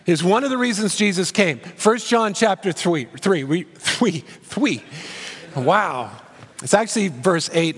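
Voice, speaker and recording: A male pastor preaching an expository sermon in a church sanctuary, animated, moving between loud and hushed delivery. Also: a little high. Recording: long hall reverb.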